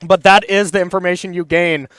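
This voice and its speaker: A man's voice: high voice, fairly even intonation, fairly quick, fairly bright tone, clean tone, no room sound. A man commentating a card game match, explaining plays in an analytical way and laughing easily.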